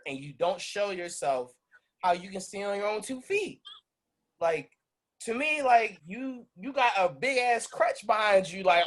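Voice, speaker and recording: A man on a casual podcast panel, arguing his picks in an animated, emphatic way. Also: high-pitched. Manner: animated, emphatic, laughs a lot. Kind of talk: casual debate chat.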